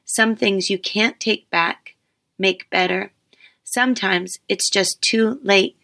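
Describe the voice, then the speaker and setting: A woman reads her own first-person story aloud, wry and ready to poke fun at herself. Her voice is bright and forward. She keeps an even, storytelling pace. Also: mid-range voice, slow, gravelly. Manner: wry, self-deprecating storytelling.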